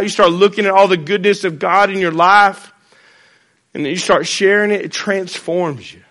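A pastor preaching a sermon in church, blunt and folksy with joking asides. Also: male voice, sits high, fairly even intonation, moderate pace, a bit bright.

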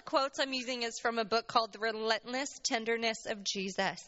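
A woman gives a heartfelt sermon in a church, with a bright, forceful voice that rises when she is moved. The sound is dull and muffled, as if from a lo-fi recording. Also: on the high side, fairly quick, few pauses. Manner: earnest, emotional, voice rising when moved. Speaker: church speaker. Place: church sanctuary.

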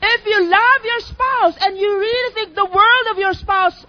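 A woman's voice: extremely high pitch, unhurried, hardly any pauses. A woman preaching a sermon in an emphatic, teacherly way, asking her listeners questions. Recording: dull lo-fi recording.

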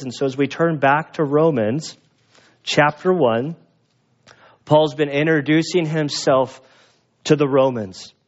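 A male pastor preaching a sermon, slow and earnest, often restarting his phrases. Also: a little high. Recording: dull lo-fi sound.

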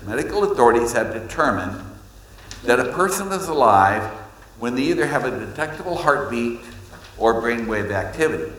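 A man preaching a sermon, reading scripture and telling stories, with his pitch jumping up on points he wants to stress. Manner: animated storytelling, pitch leaps on emphasis. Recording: echoey hall with long reverb.

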